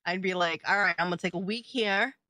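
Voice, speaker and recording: A young adult woman co-hosting a podcast in casual chat, animated and laughing, swearing freely. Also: lowish voice, fast, no echo. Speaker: podcast co-host.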